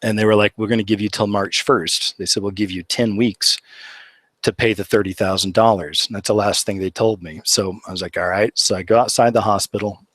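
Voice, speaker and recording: A man's voice: lowish voice, steady tone, a little fast, fairly bright tone, no room sound. A man telling a long personal story in a rambling, casual way, with many fillers, acting out the voices of the people in it. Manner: rambling, many fillers, acts out quoted dialogue. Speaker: channel host.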